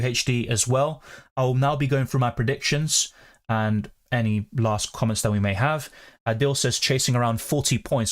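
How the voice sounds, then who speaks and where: A young man hosting a live question-and-answer stream, chatting quickly and reading out viewer comments. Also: medium pitch. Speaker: fantasy football streamer.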